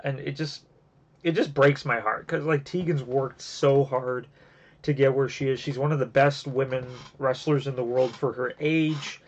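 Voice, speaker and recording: A man at a middling pitch talks through wrestling matches in a loose, rambling way, full of fillers and restarts. He sounds emotionally invested in the matches. The recording is muffled and lo-fi. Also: steady tone, moderate pace. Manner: gets emotional and teary. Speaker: wrestling reviewer. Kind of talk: casual review podcast. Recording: dull lo-fi home recording.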